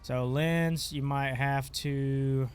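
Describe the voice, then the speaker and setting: A gaming channel host walks through a casual screen-recorded tutorial, talking offhandedly as he clicks through settings. His voice is medium-pitched, steady, clean in tone, stuffy and congested, and he draws out his words.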